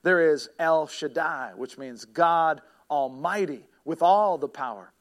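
This sermon comes from a pastor whose voice sits slightly high for a man. He feels his way along with frequent pauses, restarted phrases and little fillers, and his stories occasionally build to a shout.

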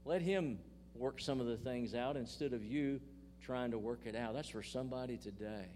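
Older male pastor, folksy and emphatic, mid-pitched voice, light hum in the background. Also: normal speed, darkish tone. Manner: folksy, emphatic preaching with scripture reading and asides to the congregation. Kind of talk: sermon.

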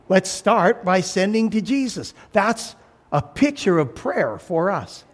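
A man preaching a sermon as pastor, animated, acting out voices and shouting for emphasis. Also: high-pitched, measured pace.

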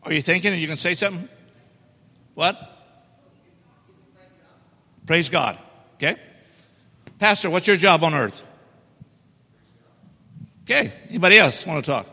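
A man's voice: on the high side, animated, a little slow, vocal fry, long pauses, bright, forceful tone. A middle-aged man preaching a sermon in a church, emphatic and joking with the congregation. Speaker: guest preacher. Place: church sanctuary. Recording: echoey church hall reverb.

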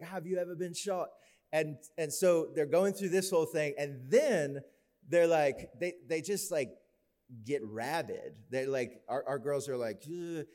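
Middle-aged man, storytelling sermon, slightly high voice, long hall echo, acts out voices. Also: a little mellow.

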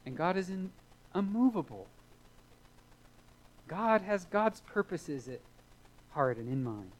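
A man's voice: fairly high pitch, rough recording. Man, middle-aged, pastor, sermon, emphatic, repeats lines for weight, church. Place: church sanctuary.

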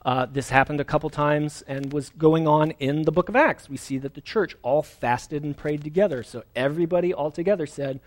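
A man gives a sermon in an earnest, conversational way, pausing on fillers and restarting his sentences. His voice sits a little higher than most men's. He now and then answers his listeners with a dry aside. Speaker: pastor.

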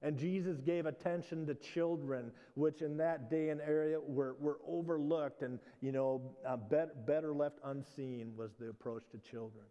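A male pastor from the Midwest preaches in a relaxed, conversational way, often restarting his phrases. His voice is dark and mellow, and a long reverb trails each line in the church hall. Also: fairly high pitch, normal speed, hardly any pauses, highs cut off. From Midwestern United States. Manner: conversational, with frequent restarts and "you know". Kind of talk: sermon.

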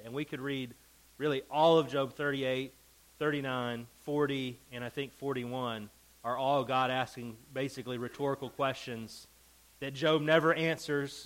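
A man's voice: mid-range voice, fairly bright tone, low-quality recording. A man teaching a Bible lesson to a class. He reads scripture with emphasis and keeps checking in with the group.

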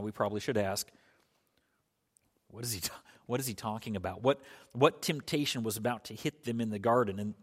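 A man preaching a sermon earnestly, with frequent restarts and emphatic rises in his voice. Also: on the low side. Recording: long hall reverb.

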